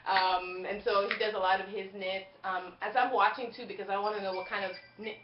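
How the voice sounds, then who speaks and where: A woman's voice: mid-range voice, steady tone, a little fast, a little hiss or hum. A woman from Jamaica hosting a podcast in a casual, rambling chat, giggling and dropping plenty of fillers. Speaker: podcast host. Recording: roomy, dull lo-fi home recording.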